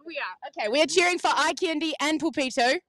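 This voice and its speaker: A woman's voice: high voice, fast talker, a crowd in the background. A woman hosting playful, casual interviews with sailing crews outdoors on a marina dock, laughing often. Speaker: sailing reporter, host.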